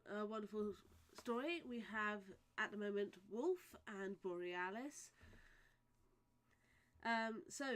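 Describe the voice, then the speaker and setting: A woman's voice: mid-range voice, fairly bright tone. A woman running a tabletop game as game master, talking hesitantly with many fillers. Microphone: voice chat microphone.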